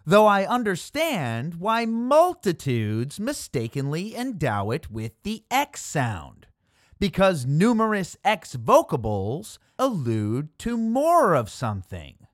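A man's voice: on the high side, wildly swooping pitch, slow, no room sound, clean studio sound. A man giving scripted comedic narration in a pompous, pedantic, wordy manner.

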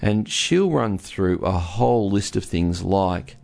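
A man with a low, gravelly voice talks slowly and unhurriedly. He counsels couples and explains listening through a homely story, acting out the husband and the wife as he goes. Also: animated, darkish tone. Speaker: relationship counsellor. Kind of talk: casual teaching talk with a co-host.

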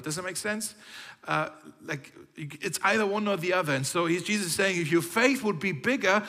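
A man's voice: high-pitched, fairly bright tone. A man preaching a sermon as a pastor, talking in a conversational way with playful asides and frequent restarts. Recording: long reverb of a hall.

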